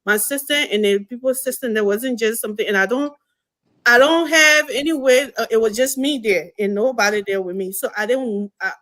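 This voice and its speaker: A woman's voice: on the high side, brisk, a bit bright. A young woman from Liberia calling into a live political talk show on her phone. She speaks in an impassioned, emphatic way, with many restarts. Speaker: caller. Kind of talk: passionate political call-in talk.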